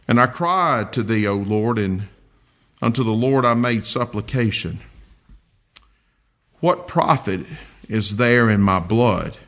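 Lively, slightly high-voiced male preacher. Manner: animated, talks directly to the congregation; reads scripture in old-fashioned wording. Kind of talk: sermon.

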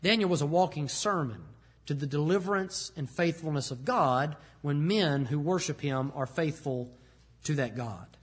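A husky, fairly high-voiced man delivers a sermon. His delivery is animated, and he slips into the voices of the people he is telling about. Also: normal speed. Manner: animated, acts out the king's lines. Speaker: preacher.

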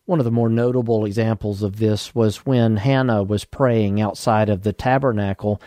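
A man with a Southern US accent preaching a radio sermon, explaining scripture in a measured, teaching way. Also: lowish voice, dark tone, no room sound, studio quality. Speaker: pastor.

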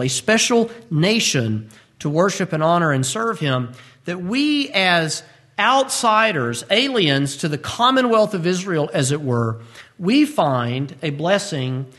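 A man's voice: high voice, fairly bright tone. A man, preaching a verse-by-verse sermon, earnest and emphatic with humorous asides. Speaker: pastor.

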